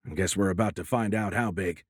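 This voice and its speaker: A man's voice: sits low, fairly quick, no room sound, clean studio sound. A man voicing a sarcastic, uneasy army pilot.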